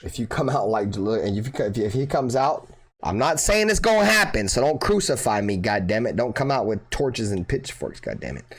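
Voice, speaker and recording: A man's voice: medium pitch, moderate pace, slightly rough. A man hosting a fan live stream, chatting casually with his viewers and swearing freely. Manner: excitable, swears, bursts into loud mock wailing. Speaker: fan channel host.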